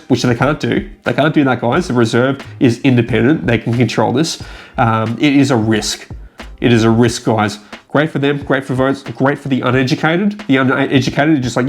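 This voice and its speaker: A man's voice: medium pitch, fairly quick, faint music behind. A man with an Australian accent, explaining finance in a chatty, emphatic vlog, often addressing viewers as guys. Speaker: finance vlogger.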